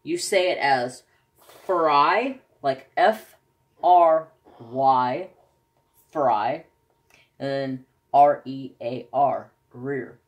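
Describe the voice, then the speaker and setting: A man's voice: mid-range voice, drawn-out words. A man chatting casually in his craft vlog, telling anecdotes animatedly. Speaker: craft vlogger. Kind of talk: casual chat while crafting.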